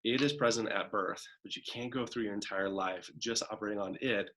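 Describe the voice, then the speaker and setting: A man's voice: lowish voice, steady tone, brisk, fairly bright tone, a little hiss or hum. A man teaching a college psychology lecture in a conversational way, often tagging points with "right?" and "kind of". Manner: acts out a demanding child's voice in examples. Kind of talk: recorded classroom lecture.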